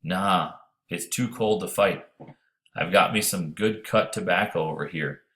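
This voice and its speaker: A ragged young Southern rebel soldier boy, as a man reads him aloud calls across in a soft, low drawl. His easygoing voice sits a little higher than a man's usual deep tone, with an audiobook feel. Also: measured pace. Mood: friendly.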